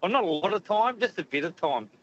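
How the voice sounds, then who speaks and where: A man's voice: sits high, expressive, fast, a bit bright, a little hiss or hum. A man calling in to a radio show, chatting in a rambling, good-humoured way from a truck over a phone line. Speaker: caller. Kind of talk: casual call-in chat.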